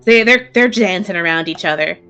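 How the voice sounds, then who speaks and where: A woman serving as game master, narrating a tabletop game in a lively, casual way with fillers. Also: lowish voice, brisk, smooth, lo-fi sound, faint music behind.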